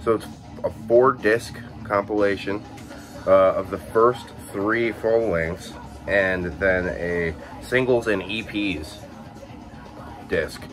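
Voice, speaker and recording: A man's voice: on the low side, slow. A young man casually showing off his music collection, rambling and correcting himself, saying he just woke up. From Illinois, USA. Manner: rambling, relaxed, many fillers and self-corrections. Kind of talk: casual chat.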